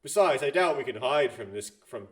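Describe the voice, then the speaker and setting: A man's voice: medium pitch, lively intonation, fairly quick, very noisy, natural voice. A man voicing a composed male schemer who speaks in formal, reassuring phrases. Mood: assured. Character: composed male mastermind ally, formal and assured.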